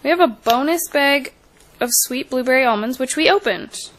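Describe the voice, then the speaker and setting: A woman's voice: high-pitched, moderate pace, fairly bright tone, slight background noise, low-quality recording. A young woman at home filming a casual unboxing vlog, chatting with her kids and reading out snack names into the camera mic. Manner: chatty, reads product names aloud, coaxes her kids.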